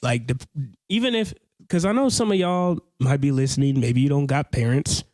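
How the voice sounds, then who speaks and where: A man co-hosting a podcast in casual chat, animated and jokey with slangy talk. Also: medium pitch, normal speed, no room sound, clean studio sound. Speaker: podcast co-host.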